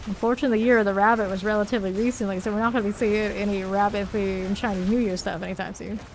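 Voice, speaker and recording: A woman's voice: mid-range voice, steady tone, rapid-fire, slight background noise. A woman casually commenting while streaming a video game, chatting with viewers and laughing often. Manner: chatty, reads chat aloud, laughs often.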